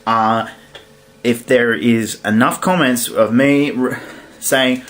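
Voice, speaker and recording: Slow, rambling young man. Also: medium pitch, sharp tone. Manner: rambling, self-correcting, laughs at own slips. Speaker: wrestling fantasy booking host. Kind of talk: casual solo commentary.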